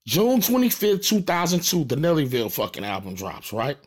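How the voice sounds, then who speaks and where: Animated husky-voiced St. Louis man. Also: fairly high pitch, fairly quick. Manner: animated, profane, repeats points for emphasis. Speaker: rapper. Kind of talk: casual direct-to-camera rant.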